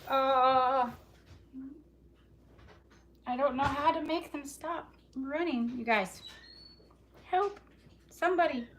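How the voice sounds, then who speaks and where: A woman's voice: high voice, slow pace, long pauses. A woman doing a live cooking vlog in her home kitchen, rambling chattily and talking straight to her viewers. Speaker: cooking vlogger. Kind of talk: casual live cooking chat. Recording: loud kitchen chopping noise. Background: chopping and kitchen clatter.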